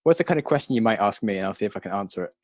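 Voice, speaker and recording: Fast-talking British male podcast host. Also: on the low side, no room sound, clean studio sound. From Britain. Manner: energetic, chatty, laughs often. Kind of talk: casual podcast conversation.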